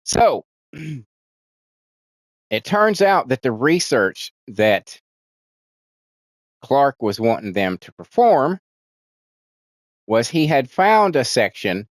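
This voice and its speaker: A man in a mid-range voice talks through a movie's plot in a loose, rambling way, swearing freely and restarting his sentences. When he quotes characters, his voice jumps up and gets more animated. The sound is dry and close, with no room echo. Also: medium pitch, very slow, pauses often. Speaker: movie reviewer. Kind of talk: casual spoken movie recap.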